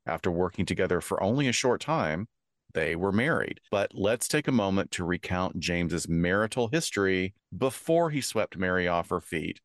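A man's voice: sits low, no room sound. A man co-hosting a true crime podcast, reading the case aloud and adding dry asides. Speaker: podcast co-host.

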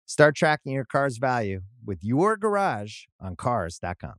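A man reading an advertisement in a smooth, steady announcer delivery. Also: medium pitch, unhurried, no echo, studio quality. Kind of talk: read advertisement.

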